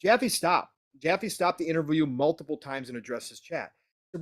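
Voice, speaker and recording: A man co-hosting a gaming podcast in a loose, chatty way. His voice sits a little high for a man, and he gets animated as he retells a long story quote by quote. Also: normal speed. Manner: animated, retells quotes at length with many "he goes". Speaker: podcast co-host. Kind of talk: casual gaming podcast chat.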